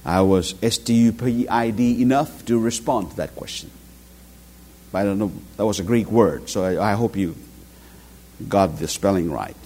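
A man's voice: lowish voice, normal speed. A middle-aged man preaching a sermon, telling stories and acting out quotes. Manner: animated storytelling with acted quotes.

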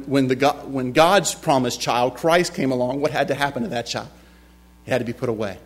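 A man preaching a sermon, slowing down for emphasis and moving between hushed passages and loud, emphatic climaxes. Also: medium pitch. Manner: slows down for emphasis, with restarts.

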